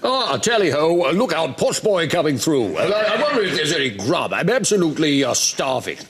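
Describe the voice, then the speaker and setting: A man's voice: fairly high pitch, sing-song, brisk, a bit bright, a little hiss or hum. A man doing a bumbling, stammering impression of a greedy posh male politician on a comedy panel show. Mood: blustering greedy. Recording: studio audience laughter behind.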